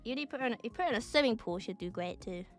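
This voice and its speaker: A woman's voice: fairly high pitch, animated, very fast, soft background music. Giggly young woman streamer, neutral British. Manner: giggly, rambling, swears casually. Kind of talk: casual chat while drawing on stream.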